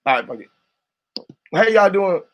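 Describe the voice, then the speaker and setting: Young man, high voice, casual livestream chatter, crude, rambling, joking. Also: big pitch swings, normal speed.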